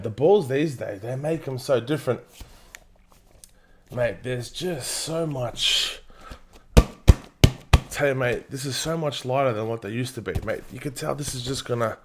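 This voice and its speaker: A man's voice: medium pitch, a little slow, pauses often, slight background noise. A young man hosting a football watchalong, chatting casually and passionately with frequent swearing. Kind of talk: casual live match commentary.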